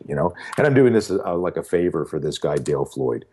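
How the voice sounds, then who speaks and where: Deep-voiced man telling a story. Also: quick pace, hardly any pauses, breathy edge. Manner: animated storyteller, many fillers and quoted dialogue. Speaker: podcast guest. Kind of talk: casual storytelling interview.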